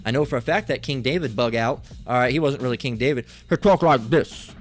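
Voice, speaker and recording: A man's voice: medium pitch, fast talker. A man giving an informal Bible teaching, rambling and swearing freely, often mocking people as he goes. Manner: rambling, profane and mocking, with frequent filler.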